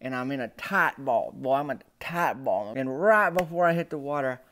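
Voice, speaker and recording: A man telling a comic story in a folksy, animated drawl. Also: mid-range voice, normal speed. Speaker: storyteller and comedian.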